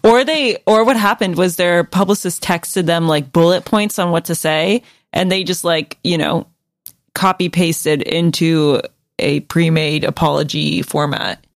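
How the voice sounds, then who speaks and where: A woman's voice: on the low side, measured pace, vocal fry, no room sound, clean studio sound. A young adult woman co-hosting a podcast, chatting casually with wry jokes. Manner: wry, joking. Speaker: podcast co-host. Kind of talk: casual chat.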